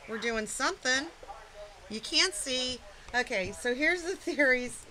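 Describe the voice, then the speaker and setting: A woman's voice: sits high, animated, unhurried, noisy background. A middle-aged woman hosting a livestream in casual chat, flustered and swearing, laughing through her setbacks. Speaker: livestream host.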